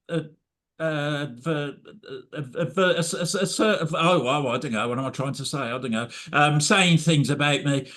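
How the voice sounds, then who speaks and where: A man doing a comic spoken-word piece at a poetry night, stumbling and stammering through a sweary drunken persona. His voice sits fairly high and swings all over the place. He takes it slowly. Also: fairly bright tone. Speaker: open mic performer. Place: live poetry night venue.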